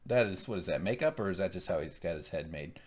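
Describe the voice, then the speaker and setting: A middle-aged man chatting casually as a podcast co-host. His pitch swings widely as he jokes along, and he leaps into loud voices whenever he quotes the characters. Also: fast. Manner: animated, jokey, acts out quoted lines in loud voices. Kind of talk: casual chat recapping a TV episode.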